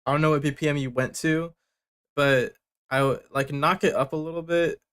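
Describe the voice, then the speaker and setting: A man's voice: a little high, fairly even intonation, normal speed, a bit bright, smooth. A young man hosting a livestream, bluntly reviewing submitted tracks with casual joking and swearing. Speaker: music producer giving feedback on submissions.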